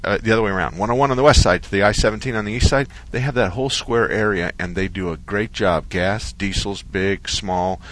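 A man hosting a call-in radio show about cars, telling a long story in a relaxed, rambling way. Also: lowish voice, a little fast, few pauses. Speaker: radio car-advice show host. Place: radio studio.

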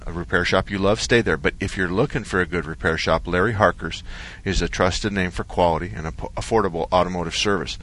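A man hosting a call-in radio show about cars, telling a long story in a relaxed, rambling way. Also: sits low, quick pace, hardly any pauses. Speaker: radio car-advice show host. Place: radio studio.

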